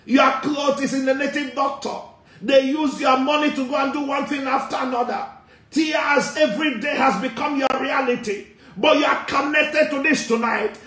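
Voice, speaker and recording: A man with a very high, bright, piercing voice shouts prayers, repeating commands and breaking into tongues. He leads a deliverance prayer session, and the sound rings in an echoey church hall. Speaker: pastor.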